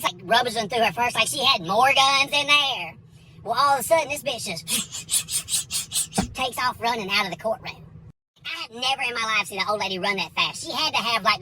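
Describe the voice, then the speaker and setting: A comedian telling a crude, animated story and acting out the other people in it. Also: female voice, fairly high pitch, slight background noise, rough recording.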